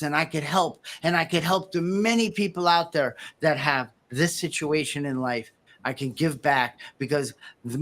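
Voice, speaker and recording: A podcast host telling an animated story in casual conversation, laughing easily. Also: mid-range voice.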